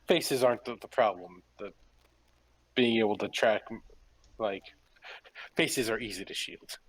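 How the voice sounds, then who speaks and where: A man's voice: on the low side, a little slow, low-quality recording. A man voicing a polite, cautious adventurer who speaks hesitantly, with frequent restarts. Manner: hesitant, courteous, stumbling restarts. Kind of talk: tabletop role-play in character.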